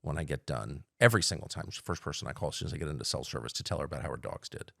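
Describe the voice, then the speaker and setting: Deep gravelly middle-aged man, blunt. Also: lively intonation, rapid-fire, fairly bright tone, no room sound, clean studio sound. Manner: blunt, opinionated, with frequent restarts. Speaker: podcast guest. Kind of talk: casual chat.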